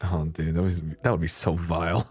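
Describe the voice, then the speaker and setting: A man's voice: deep voice, normal speed, darkish tone, slightly rough, faint music behind. A young man chatting casually on a livestream. He laughs often and swears freely. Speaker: streamer.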